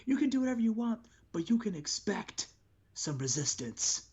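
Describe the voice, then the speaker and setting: A man voicing a furious male wrestler cutting a defiant promo, shouting high and loud. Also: sing-song, moderate pace, slightly rough, heavily acted. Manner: shouty, raised and declamatory.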